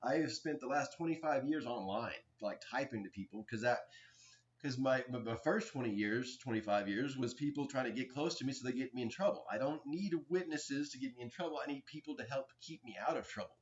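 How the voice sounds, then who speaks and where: A man in his forties giving a rambling, aggrieved personal account, halting often with restarts and fillers. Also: mid-range voice. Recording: dull lo-fi recording.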